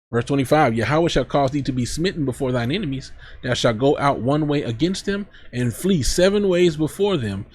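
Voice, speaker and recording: Male preacher, husky voice, reads verses then riffs bluntly in casual street talk. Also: mid-range voice, a little mellow. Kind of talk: scripture teaching.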